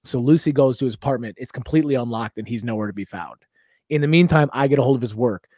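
A young adult man hosting a comedy podcast, telling a long story in a loose, profane, animated way. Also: medium pitch, quick pace, dry recording, studio quality.

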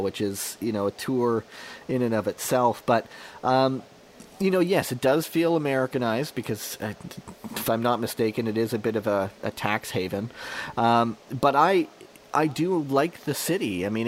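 A man's voice: mid-range voice, slight background noise. A man who is a journalist, chatting casually on a podcast and telling stories with lots of fillers and restarts. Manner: rambling storyteller with many fillers and restarts. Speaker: journalist guest.

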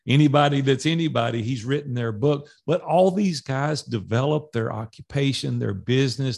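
Man, gravelly voice, podcast guest, animated storyteller, retells conversations. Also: medium pitch. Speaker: podcast guest, business coach.

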